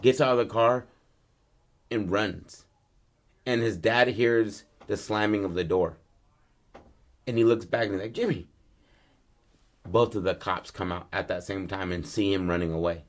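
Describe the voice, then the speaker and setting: A male podcast host spins a story in casual, slangy talk, full of asides and restarts. His voice sits a bit low, and he gets animated as the tale heats up. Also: moderate pace, pauses often.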